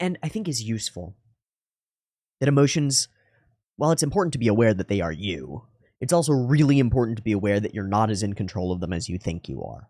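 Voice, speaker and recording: A man's voice: lowish voice, a little mellow, no room sound, clean studio sound. A man hosting an anime reaction video, thinking aloud in earnest, musing commentary with frequent restarts. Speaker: anime reaction channel host. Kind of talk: reflective commentary.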